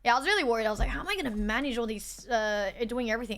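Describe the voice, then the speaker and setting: A woman's voice: fairly high pitch, expressive, racing, fairly bright tone. A young Australian woman livestreaming, chatting casually and thanking her chat on a borrowed setup. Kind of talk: casual stream chat reading chat. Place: borrowed streaming setup indoors.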